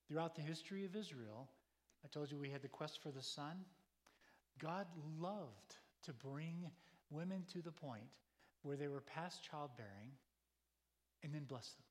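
A man's voice: fairly high pitch, measured pace. A man preaching a sermon, telling stories in a conversational, emphatic way full of rhetorical questions. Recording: long hall reverb.

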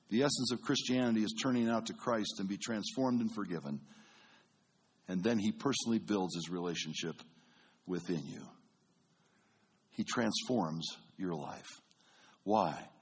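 Male pastor, husky tone, lively sermon storyteller who goes from quiet to loud. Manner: animated, swings between booming and hushed.

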